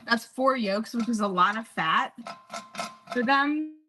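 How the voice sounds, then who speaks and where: A woman streamer chatting casually while cooking at home, coaxing her dog in a high sing-song voice and reading chat aloud. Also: lively intonation, slow pace. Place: home kitchen.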